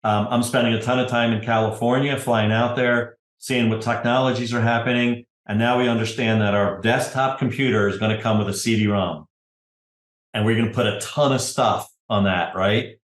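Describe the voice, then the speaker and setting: A middle-aged man, a podcast guest, telling his story in relaxed conversation, often adding "you know" and "right?". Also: medium pitch, moderate pace, echoey room. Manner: conversational, tag questions, frequent "you know". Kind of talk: casual interview storytelling.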